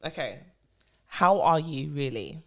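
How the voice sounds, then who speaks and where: A woman with a lower voice hosts a casual podcast chat. Her pitch swings widely as she teases and giggles with her friends. The talk is loose and playful. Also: expressive, measured pace. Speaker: podcast co-host.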